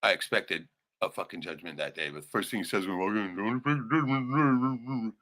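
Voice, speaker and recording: A man hosting a casual livestream, rambling and swearing often, suddenly turning loud and excited. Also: low voice, fast. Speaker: livestream host.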